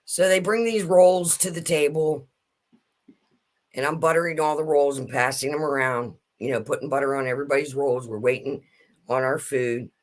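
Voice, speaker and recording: A middle-aged woman telling a family story in casual chat, animated and laughing as she goes. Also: very deep voice, moderate pace.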